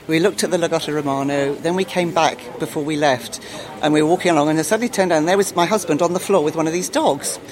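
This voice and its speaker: A woman's voice: sits low, fast talker, crowd noise. A middle-aged woman, a dog owner being interviewed, talking with gushing enthusiasm. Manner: enthusiastic, gushing, acts out voices. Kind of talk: casual interview chat. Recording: busy crowded exhibition hall.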